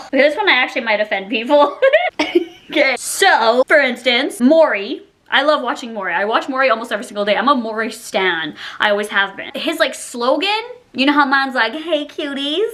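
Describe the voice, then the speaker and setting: A young Canadian woman vlogging casually to her viewers, chatty and animated, laughing often and saying "like" a lot. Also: sits high. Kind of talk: casual ranting chat to camera.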